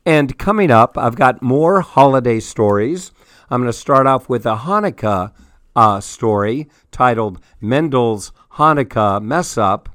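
A man reading a children's story aloud in an unhurried, expressive way. His voice sits mid-range and sounds close and dry. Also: mid-range voice, dry recording. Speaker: radio story-hour host.

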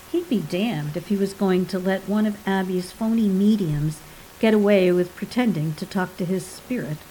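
A woman narrating a short story in an even, measured voice. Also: medium pitch, slight background noise, low-quality recording. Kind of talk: audiobook narration.

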